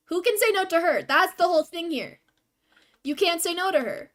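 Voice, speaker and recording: A young woman with a high, light voice chats with her stream audience while she plays. She rambles and pokes fun at herself in an easy, casual way. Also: animated, normal speed, fairly bright tone. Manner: rambling, self-deprecating, chatty. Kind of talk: casual game stream chat.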